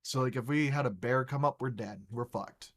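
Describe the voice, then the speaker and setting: A man hosting a gaming podcast, spinning a long casual story at a middle pitch. He swears freely and stumbles into restarts as he goes. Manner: rambling, profane, halting restarts. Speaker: podcast host.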